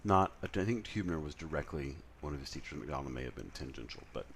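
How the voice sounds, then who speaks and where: A man's voice: a bass voice, expressive, fast, creaky, fairly bright tone, slight background noise. A man lecturing in a conversational way, with frequent fillers and self-corrections. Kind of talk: recorded lecture.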